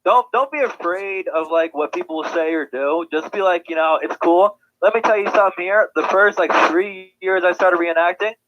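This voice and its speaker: A man guest in a casual chat, telling stories quickly. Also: high voice, fairly bright tone. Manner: fast-talking storyteller. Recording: dull call audio.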